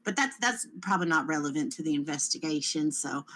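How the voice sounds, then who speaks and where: A woman's voice: low-pitched, lively intonation, brisk, fairly bright tone. A woman playing in a tabletop game, playful and giggly, thinking aloud as she talks. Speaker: player. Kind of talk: tabletop role-play chat.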